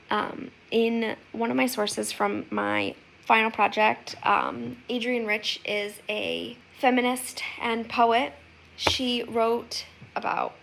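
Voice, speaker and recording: A woman's voice: fairly high pitch, gravelly, a bit bright, slight background noise, low-quality recording. A young woman giving an earnest class oral presentation as a student, reading a poem aloud and reflecting on it. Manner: earnest, reflective, with occasional fillers.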